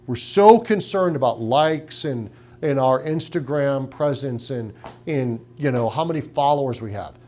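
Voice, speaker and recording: A man's voice: medium pitch, lively intonation, unhurried, warm tone. Emphatic, punchy middle-aged man. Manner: emphatic, punchy, rhetorical questions. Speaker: practice consultant. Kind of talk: business training talk to clinic owners.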